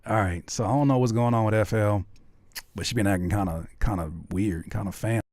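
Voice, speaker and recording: A young man, a rapper and producer, chatting loosely in slang while making a beat, playful and quick to laugh. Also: lowish voice, a little mellow, dry recording. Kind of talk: casual chat while making a beat live.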